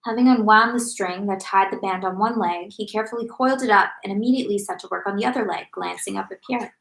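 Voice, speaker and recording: A woman reading a classic novel aloud at a steady, measured pace. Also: mid-range voice, creaky. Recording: echoey room.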